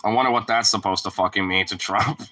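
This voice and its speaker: A man's voice: lowish voice, fast, pushed and bright. A man streaming and chatting casually, rambling with lots of filler words and swearing freely. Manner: rambling and profane, full of "like" fillers. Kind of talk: casual chat.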